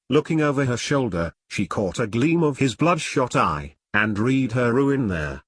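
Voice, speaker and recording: A man narrating an old novel as an audiobook in a steady, measured way. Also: mid-range voice, slightly rough, no echo, studio quality.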